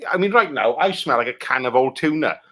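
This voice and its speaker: Bright, animated Welsh man ranting crudely. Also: mid-range voice, fairly quick. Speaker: comic guest critiquing film pitches. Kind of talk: improvised comedy chat.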